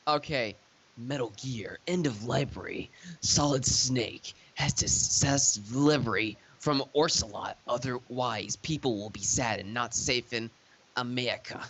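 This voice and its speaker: A man's voice: medium pitch, a little slow, a bit bright, husky. A young man reading a silly fanfiction aloud for laughs, stumbling over misspellings and cracking up as he goes. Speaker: reader of a fanfiction. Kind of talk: comedic dramatic reading.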